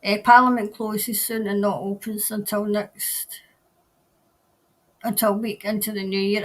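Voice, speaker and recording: In an unhurried, steady, medium-pitched voice, a woman chats and rambles on her casual tarot-reading live stream while answering viewers. She laughs frequently and often doesn't finish her sentences.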